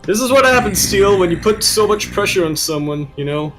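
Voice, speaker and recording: A man's voice: high voice, animated, brisk, over music, poor audio. A man casting a live strategy game tournament with playful, jokey banter. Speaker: esports caster. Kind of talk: casual live game commentary.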